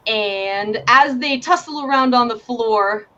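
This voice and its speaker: Casual woman GM, highish voice, lo-fi with faint hiss. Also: slow pace, sharp tone. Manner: giggly, casual storytelling. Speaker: game master. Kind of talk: narrating a tabletop game.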